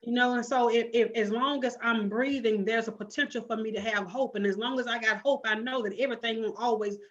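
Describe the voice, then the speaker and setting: A woman's voice: a little high, steady tone, brisk. A woman guest speaking in a casual podcast chat, preaching in a rhythmic, repetitive cadence with many restarts. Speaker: guest author and blogger. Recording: dull lo-fi sound.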